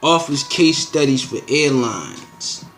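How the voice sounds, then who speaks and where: Slow-talking man riffing on headlines. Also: mid-range voice, animated, fairly bright tone, faint music behind. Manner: loose and slangy, with frequent asides and filler phrases. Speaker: show host commenting on news headlines. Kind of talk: casual rambling news commentary.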